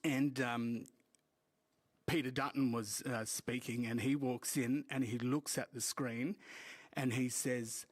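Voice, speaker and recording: A man's voice: mid-range voice, fairly even intonation, takes it slowly. An Australian man from Port Augusta giving an earnest, joking community talk, with many fillers. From Port Augusta, South Australia. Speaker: community speaker. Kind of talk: informal public talk at a meeting. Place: community hall.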